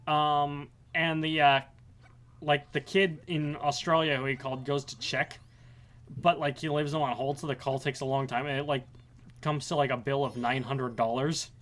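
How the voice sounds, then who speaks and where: Rambling young man, slightly high voice. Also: level tone, moderate pace, fairly bright tone. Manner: rambling, many fillers and restarts. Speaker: podcast co-host. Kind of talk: casual chat.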